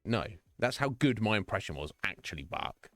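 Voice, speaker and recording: A man's voice: fairly low pitch, big pitch swings, normal speed, a bit bright, dry recording. A man chatting casually with viewers on a game stream, rambling with lots of fillers and restarts.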